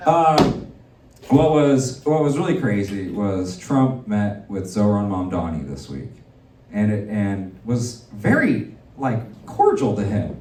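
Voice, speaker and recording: A man hosting a live stand-up comedy show, talking in a rambling, excitable way with many fillers. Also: a little high. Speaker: comedy host. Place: comedy venue stage. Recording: roomy venue sound from far off.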